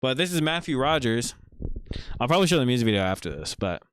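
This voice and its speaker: A man hosting a casual livestream, chatting in a relaxed, rambling way with many fillers while showing viewers' art. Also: mid-range voice, fast, a little hiss or hum. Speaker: livestream host.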